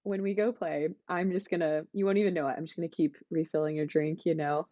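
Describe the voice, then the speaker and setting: A woman's voice: sits low, fairly even intonation, fast, warm tone, no room sound. Giggly young woman, dull dry recording. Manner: giggly, lots of "like". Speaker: guest. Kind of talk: casual chat.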